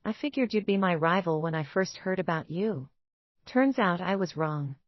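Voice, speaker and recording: A woman's voice: on the low side, lively intonation, normal speed, dry recording. A woman voicing a smug, pregnant young woman who mocks her rival with sarcasm, read in a storybook style. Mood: mocking. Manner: sarcastic, mocking. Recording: dull, dry lo-fi recording.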